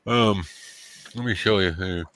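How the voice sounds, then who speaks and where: A man chatting as a livestream guest in an easygoing, unhurried way. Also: sits low, a bit bright, a little hiss or hum. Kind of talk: casual chat.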